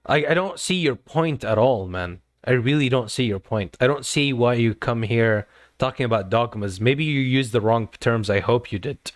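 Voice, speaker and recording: A man's voice: mid-range voice, moderate pace, no echo, clean studio sound. A man streaming live, talking to his chat in an earnest, lecturing way and often repeating himself. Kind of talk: casual livestream talk to chat.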